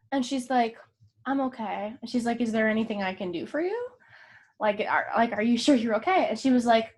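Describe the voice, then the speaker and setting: Woman, high voice, casual podcast chat, animated, profane, retells movie plots. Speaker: podcast co-host.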